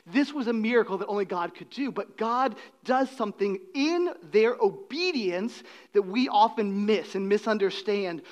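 A man, preaching a sermon in a high, light voice. He swings between loud, emphatic lines and sudden hushed drops. His delivery is dynamic and direct to the congregation. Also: moderate pace. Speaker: pastor.

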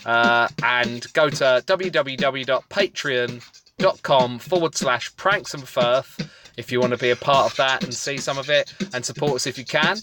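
A man's voice: medium pitch, normal speed, over music. A man co-hosting a casual podcast, a comedian talking loosely with plenty of ums and some teasing. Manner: chatty, rambling with ums, teasing. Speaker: podcast co-host.

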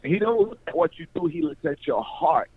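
A man from North Carolina recounts his past in animated chat, acting out the voices of people in his stories and laughing as he goes. His voice sits a little high. The sound is dry and narrow, like a phone call carried on radio. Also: brisk, breathy edge, no room sound. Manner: acts out voices in his stories, laughs often, repeats words. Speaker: guest telling his life story.

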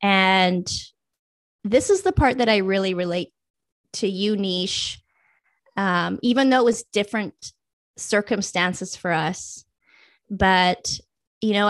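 Woman, young adult, interview guest, lively storytelling, acts out voices, dry sound. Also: medium pitch, unhurried, dry recording. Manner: animated, acts out her own past thoughts and friends' lines.

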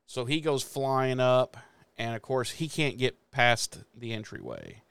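A man's voice: medium pitch, unhurried, creaky, clean tone, dry recording. A man from the Midwest co-hosting a podcast, recapping a TV episode in casual chat and acting out the characters' lines with plenty of swearing. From American Midwest. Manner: animated retelling with profanity and acted-out quotes. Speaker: podcast co-host.

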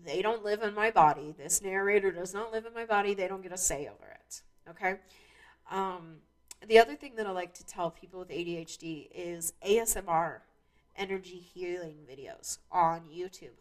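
Woman host, lowish pitch, loose rambling monologue. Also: moderate pace. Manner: rambling, many restarts and fillers, laughs at herself. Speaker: podcast host. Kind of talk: casual monologue.

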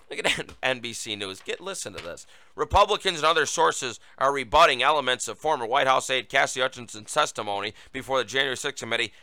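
Combative talk host, bright tense voice. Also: male voice, sits high, clear, resonant tone, dry recording. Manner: sarcastic, combative, reads headlines aloud. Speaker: political talk show host. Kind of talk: opinionated political commentary.

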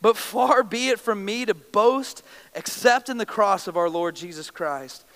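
A man's voice: high voice, unhurried, a bit bright. A young adult male pastor preaching a sermon, emotive and storytelling with self-deprecating humor. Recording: long reverb of a large hall.

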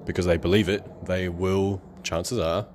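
Rambling low-voiced man. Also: fairly even intonation, darkish tone, slight background noise. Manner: rambling, conversational, sarcastic, quick to laugh. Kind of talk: motivational monologue.

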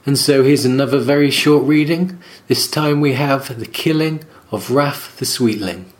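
A man hosting a podcast who talks about a book in a relaxed, conversational way. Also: medium pitch, normal speed. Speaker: podcast host. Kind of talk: casual book discussion.

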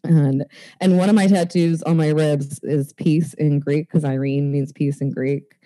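A woman's voice: low voice, fairly even intonation, unhurried, mellow. A young woman from Maine, a guest joking crudely and laughing often in a casual podcast chat. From Maine, USA. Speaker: stripper and comedian guest.

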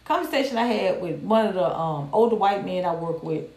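A woman's voice: lowish voice, a little fast, vocal fry. Woman on a livestream, cussing and real blunt, kinda echoey room. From Georgia, USA. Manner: blunt, profane and animated, reading viewer comments. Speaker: livestream host. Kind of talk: candid casual commentary. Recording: roomy echo.

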